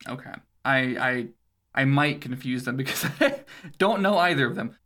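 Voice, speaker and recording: A man with a bright, forceful voice chats casually as a podcast co-host, walking through a game's cutscenes. He rambles, swears freely and laughs along the way. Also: medium pitch, expressive, normal speed. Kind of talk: casual chat recapping a video game.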